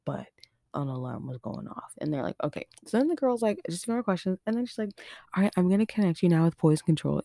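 A young woman from Nova Scotia hosting a podcast, telling a personal story in a chatty, animated way, filled with "like" and acted-out quotes. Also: on the low side, quick pace, dry recording, clean studio sound. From Nova Scotia, Canada. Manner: chatty and animated, heavy use of "like", acts out quotes. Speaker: podcast host. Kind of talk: casual storytelling monologue.

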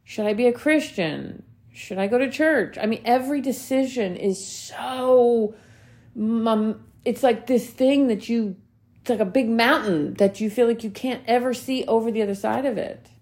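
A woman's voice: a little high, moderate pace, a little mellow. A woman in her thirties speaks on her own podcast in a heartfelt, emphatic way. She repeats her key points for weight and drops casual swear words as she talks straight to her listeners. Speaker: podcast host. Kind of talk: motivational solo podcast talk.

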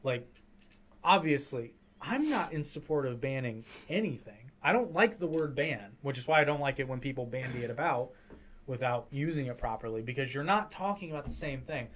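A man's voice: mid-range voice, animated, brisk, fairly bright tone, a little hiss or hum. A man hosting a podcast, ranting heatedly and with a lot of profanity during a casual political chat. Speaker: podcast host.

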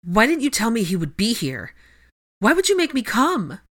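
A woman's voice: low-pitched, normal speed, sharp tone. A woman voicing a furious, tearful teenage witch. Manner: accusing, voice breaking with anger.

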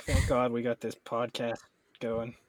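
A man's voice: medium pitch, level tone, measured pace, no echo. A man co-hosting a casual podcast, rambling and joking, often laughing and swearing, with a somewhat nasal voice. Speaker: podcast co-host. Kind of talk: casual chat.

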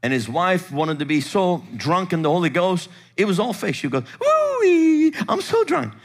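A male pastor telling a story from the pulpit, acting out the dialogue in an animated way. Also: fairly high pitch, moderate pace. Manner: animated, acts out quoted dialogue. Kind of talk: sermon storytelling.

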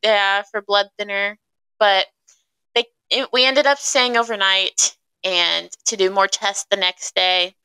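A woman's voice: medium pitch, fairly even intonation, measured pace, sharp tone, smooth, poor audio. A young woman co-hosting a podcast, chatty and teasing as she fills in details of the story. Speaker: podcast co-host. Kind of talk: casual chat.

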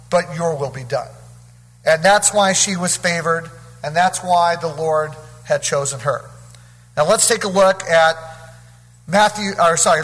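A man's voice: high-pitched, bright, forceful tone, breathy edge. Give me a male preacher reading scripture and explaining it, in a hall with a long reverb. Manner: reads scripture aloud and comments verse by verse. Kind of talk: bible study sermon.

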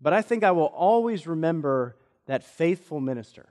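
Here a male pastor, his voice a little high and his pace moderate, shares a personal story in an earnest sermon. Quoted speech comes out in lively voices. The church sanctuary lends the recording a long reverb.

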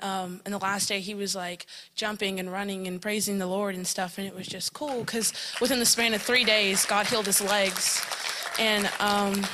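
A woman's voice: mid-range voice, sharp tone, a little hiss or hum. A young woman casually sharing a testimony about camp, chatty and full of fillers like "like" and "um", often breaking into laughter. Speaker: camp attendee giving a testimony.

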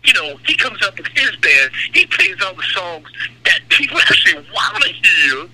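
A man's voice: sits high, big pitch swings, moderate pace, sharp tone, no room sound, full character voice, poor audio. A man doing a comedic impression of a crude, mocking aging male rock star, gossiping sarcastically on a radio call. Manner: crude, sarcastic, gossipy, calls the host by name.

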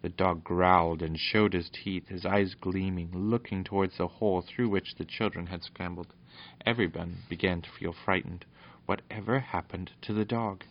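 A man reading a children's storybook aloud in a steady narration with small stumbles, on a dull lo-fi recording. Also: deep voice, normal speed.

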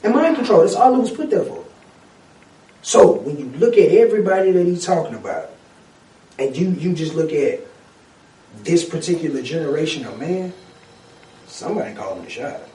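A man with a high voice holds forth in a profane, animated rant full of street slang. He sounds set back from the mic, and the room gives his voice a strong echo. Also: moderate pace, pauses often, slight background noise. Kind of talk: casual chat. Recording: echoey room, mic at a distance.

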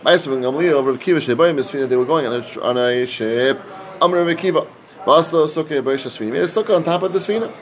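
Fast sing-song Talmud study leader. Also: male voice, on the high side. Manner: quick sing-song chanting mixed with plain explanation. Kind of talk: casual Talmud study session.

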